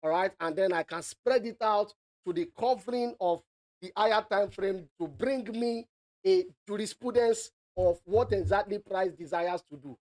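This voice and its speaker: A man's voice: high voice, normal speed, darkish tone. Playful man giving live market analysis. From Africa. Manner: playful and teasing, peppers speech with "all right".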